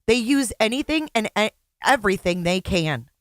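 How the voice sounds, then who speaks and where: A woman's voice: medium pitch, lively intonation, moderate pace, no room sound, studio quality. A woman host reacting to a clip with blunt, angry commentary and heavy swearing.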